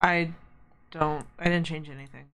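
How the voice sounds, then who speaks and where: A woman chatting casually on a live stream, speaking softly and barely projecting her voice. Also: fairly even intonation, normal speed. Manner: soft-spoken, quiet, low projection. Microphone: desk mic on an arm.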